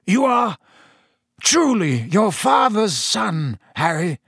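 A man reading aloud, voicing a weak, emotional older fugitive with a croaky voice. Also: high-pitched, big pitch swings, slow, fairly bright tone, no room sound, studio quality, pitched above the performer's own voice, exaggerated voice. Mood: solemn. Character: weary escaped older man, weak and hoarse.

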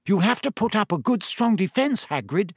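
A man's voice: high voice, big pitch swings, moderate pace, husky, no room sound, studio quality, voice pushed up, heavily acted. A man voicing an earnest, clever schoolgirl who speaks in a precise, studious way.

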